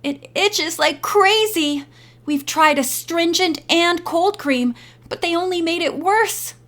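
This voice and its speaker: A woman's voice: extremely high pitch, slow, a bit bright, pitched above the performer's own voice, heavily acted. A woman voicing a timid, frightened teenage girl model who speaks in a small, shaky voice. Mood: timid, worried.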